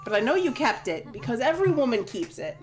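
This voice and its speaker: A woman's voice: a little high, sing-song, fast. A woman in casual chat beside a game stream, talking emphatically and laughing as she insists on her point.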